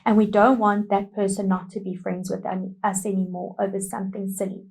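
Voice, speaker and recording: A woman teaching a lesson to young children, animated and emphatic in simple words. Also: medium pitch, brisk, creaky, poor audio.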